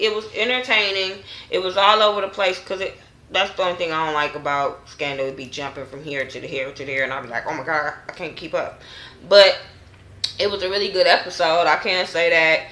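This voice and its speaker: A woman vlogger recapping a TV episode in a casual, animated way, cursing freely and acting out the characters' lines. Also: on the low side, reverberant. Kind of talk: casual recap with heavy profanity.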